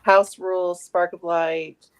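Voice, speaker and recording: A woman's voice: on the low side, little pitch movement, slow, clear, resonant tone. A woman guest on a video-call book chat, speaking in a matter-of-fact way and listing items steadily. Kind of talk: casual chat.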